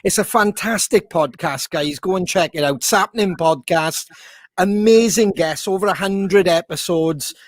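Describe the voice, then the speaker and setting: A man's voice: high voice, unhurried, no echo, studio quality. A Welsh man co-hosting a podcast over a video call, chatting in a sweary, enthusiastic, rambling way. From Wales. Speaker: podcast co-host. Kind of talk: casual chat.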